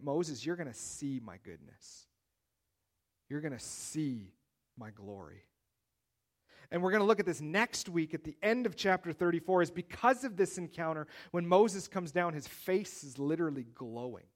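A male pastor preaching a sermon, his voice a little higher than most men's. He talks conversationally, restarting phrases, and reads scripture with emphasis. His loudness rises and drops sharply from line to line.

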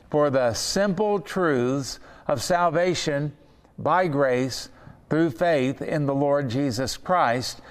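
Earnest male Bible teacher, smooth voice. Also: a little high, in a large hall. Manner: earnest, slows down to stress key words. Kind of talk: Bible study lesson.

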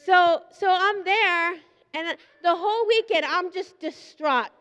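A woman preaching a sermon at a live conference, telling a personal story in an animated way and acting out the voices in it. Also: very high voice, slow pace. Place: church hall at a conference. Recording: live conference with long hall reverb.

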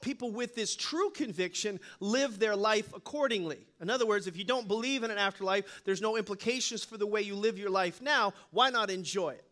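A male pastor delivers a sermon in a notably high voice. He is animated and playful, weaving jokes and little stories into his preaching. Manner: animated, joking storyteller.

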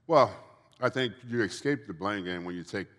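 At a church event hall Q&A, a guest speaker in recovery shares earnest, preachy testimony, frequently repeating phrases. He speaks at a normal pace in a fairly bright voice that's on the low side with lively intonation, and the recording has the long reverb of a large hall.

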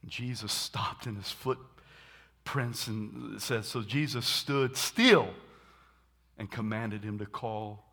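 A man preaching a sermon, animated, acting out scenes and shouting dramatically. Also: fairly low pitch, takes it slowly, gravelly, husky.

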